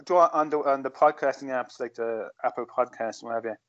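A man's voice: mid-range voice, fast, fairly bright tone, dull audio. A man running a podcast quiz in a mock-indignant, hesitant way. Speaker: podcast co-host and quizmaster. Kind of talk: casual banter.

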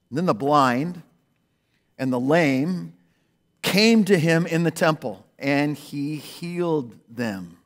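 Animated high-voiced pastor preaching. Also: male voice. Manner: animated, swings from loud exclamations to hushed asides. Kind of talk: sermon. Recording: long hall reverb.

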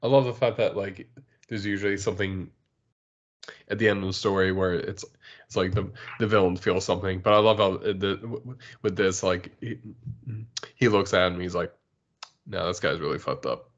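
Deep-voiced man chatting and laughing. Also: moderate pace, muffled recording. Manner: laughs a lot, relaxed, enthusiastic. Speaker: podcast co-host. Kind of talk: casual chat about comics.

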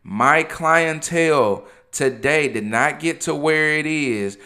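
A man delivers a motivational podcast monologue. His voice is bright and forceful, and he talks informally and preaches encouragement, hammering his points with repetition. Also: on the high side, takes it slowly. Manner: impassioned, preachy, informal, repeats phrases. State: emotional. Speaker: podcast host.

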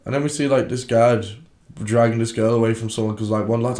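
A man's voice: medium pitch, fairly even intonation, brisk, warm tone. A young man co-hosting a podcast, telling a sweary pub story in casual banter. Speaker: podcast co-host. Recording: echoey room.

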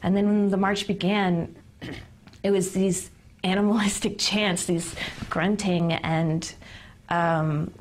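A woman answering in an interview, describing events in a measured, serious way. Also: mid-range voice, fairly even intonation.

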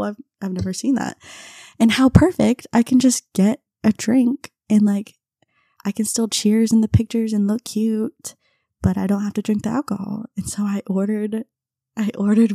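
A young woman hosting a podcast, telling a casual story with frequent laughs and quick impressions of her friends. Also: medium pitch, dark tone, dry recording, studio quality. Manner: chatty, laughs often, mimics friends in quotes. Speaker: podcast host.

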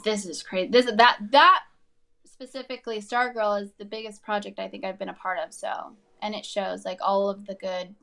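A woman's voice: mid-range voice, steady tone, moderate pace, creaky, sharp tone. Bubbly woman gushing in an interview. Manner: bubbly, gushing, many fillers. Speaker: actress guest. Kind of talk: casual interview chat.

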